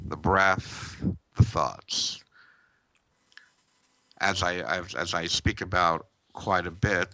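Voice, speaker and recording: Slow, calm low-voiced man teaching meditation. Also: no echo. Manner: slow, calm and instructive, with drawn-out words. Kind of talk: guided meditation class.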